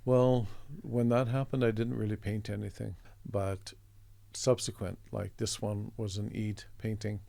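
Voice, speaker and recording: A middle-aged man from Canada with a low, gravelly voice and a warm, dark tone spins a relaxed anecdote. He slips into the voices of the people in his story and chuckles as he goes. The sound is dry and close. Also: a little slow, few pauses, dry recording. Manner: chatty, acts out quoted voices, chuckles often. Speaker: artist guest telling a story.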